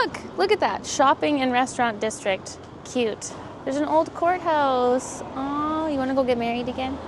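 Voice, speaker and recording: A woman's voice: on the high side, slight background noise. A young woman vlogging to a handheld camera, chatty and giggly as she talks about her day on the road and around town. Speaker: lifestyle vlogger. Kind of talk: casual vlog talk to camera.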